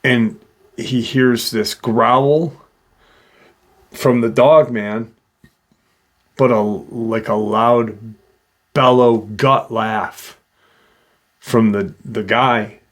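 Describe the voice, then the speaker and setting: Man, paranormal storyteller, unhurried delivery, casual with fillers, middle pitch. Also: steady tone. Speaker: paranormal channel host. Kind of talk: retelling a witness encounter.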